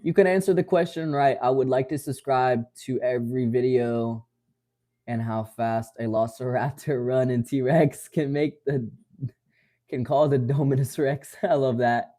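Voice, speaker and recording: A man in his twenties from West Virginia, casually reading and answering viewer comments on his livestream, friendly and quick to laugh. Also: medium pitch, steady tone, dark tone. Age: 20s. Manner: friendly, calls viewers brother, laughs often. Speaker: livestream host.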